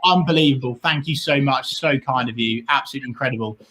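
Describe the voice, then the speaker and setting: A man's voice: medium pitch, fast, fairly bright tone, rough recording. A man hosting a live stream, effusively thanking donors and urging viewers to get involved. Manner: effusive, grateful. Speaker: host reading donations. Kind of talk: live stream shout-outs.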